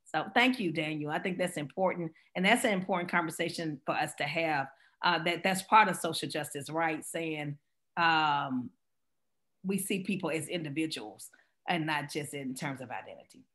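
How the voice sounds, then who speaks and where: A middle-aged woman speaker from Mississippi, answering questions after a talk and telling stories with quick laughs. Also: deep voice. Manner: animated storyteller, quick laughs. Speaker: guest speaker.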